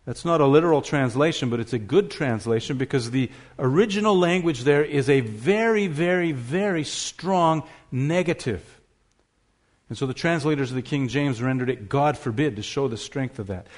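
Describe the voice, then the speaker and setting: A man's voice: medium pitch, normal speed. A man preaching a sermon, emphatic, asking rhetorical questions and stressing key words.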